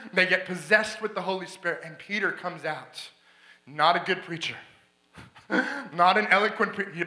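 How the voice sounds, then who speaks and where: A man from Alberta, Canada, preaching a sermon in a church, telling stories with excitable energy, laughing often and building to shouts. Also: high voice. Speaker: guest preacher. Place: church sanctuary. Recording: echoey church hall.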